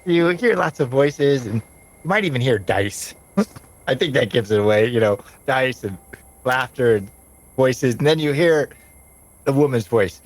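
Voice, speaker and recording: Brief: male game master, relaxed, drawn-out scene-setting, chuckles between lines. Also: mid-range voice, a little hiss or hum, poor audio. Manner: slow descriptive narration with laughs. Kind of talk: narrating a tabletop game.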